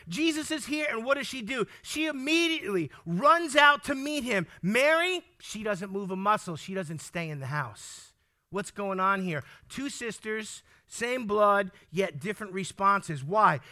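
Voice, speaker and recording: A man's voice: high-pitched, sharp tone. A man preaching a sermon, speaking emphatically, firing questions at the congregation, repeating key lines and stumbling over words when worked up.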